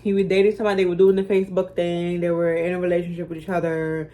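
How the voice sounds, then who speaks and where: A woman's voice: on the low side, level tone, fast talker, mellow. A young woman telling a personal story to camera in a casual, blunt, slangy way, cursing freely and poking fun at herself. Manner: blunt, profane, slangy, self-mocking. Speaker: storytime vlogger.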